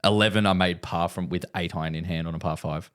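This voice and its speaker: A man's voice: low-pitched, steady tone, fast talker, clean tone. A man co-hosting a podcast, telling a long rambling story in casual chat and repeating himself. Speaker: podcast co-host.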